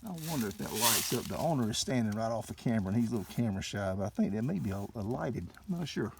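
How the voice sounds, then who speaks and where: An older man, a car dealer, giving an excited, folksy walkaround and talking to viewers as folks, recorded on a handheld camera mic. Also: fairly low pitch, racing, vocal fry, background noise. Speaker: classic car dealer showing a car. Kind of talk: casual walkaround narration.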